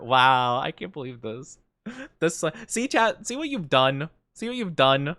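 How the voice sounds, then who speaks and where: A man's voice: mid-range voice, lively intonation, a little slow, sharp tone, clean tone, no room sound. A young man streaming, chatting casually and reading chat aloud in a playful, mock-offended way with lots of fillers.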